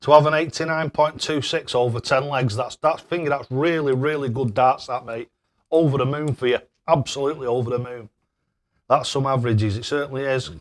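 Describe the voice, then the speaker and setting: Medium in pitch with fairly even intonation, this older man speaks a little fast. While livestreaming darts, he reads out chat messages casually, laughs a lot and fumbles difficult names.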